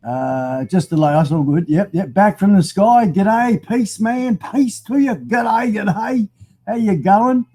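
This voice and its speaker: A man's voice: high voice, warm tone. An Australian man hosting a casual live stream, chatty and matey as he greets viewers by name. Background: faint music.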